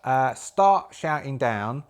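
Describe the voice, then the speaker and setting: A man's voice: medium pitch, animated, slow pace, a little hiss or hum. A man narrating a solo tabletop game, thinking aloud and rambling with many fillers and restarts. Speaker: solo game master and player.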